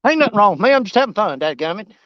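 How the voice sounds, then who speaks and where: A man's voice: high-pitched, sing-song, racing, no room sound. A man talking fishing, folksy and joking, his voice bouncing up and down. The audio is dry and a little dull. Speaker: fishing vlogger. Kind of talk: casual outdoor vlog chat.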